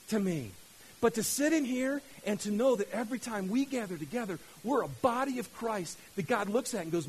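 A man's voice: high-pitched, lively intonation, fairly quick, breathy edge, rough recording. A man preaching a sermon as pastor, fired up and often restarting his words. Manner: fired-up, repetitive, stammering restarts.

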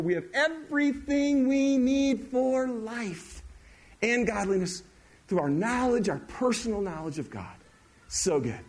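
A middle-aged male pastor preaching an animated, conversational sermon and asking the audience questions. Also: very high voice.

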